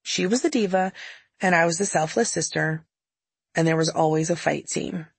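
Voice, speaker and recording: A woman's voice: low voice, normal speed, gravelly, slightly rough, dry recording. A woman narrating her own audiobook memoir in a candid, wry storytelling manner, close to the mic.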